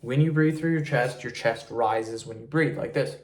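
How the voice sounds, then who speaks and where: A man speaks to his viewers in a relaxed, chatty tutorial, with a voice of ordinary middle pitch. He leans on repeated words like "literally" and "really" and slips in the odd filler as he walks through his tips. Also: moderate pace. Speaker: online creator giving tips. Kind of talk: casual talking-head tutorial.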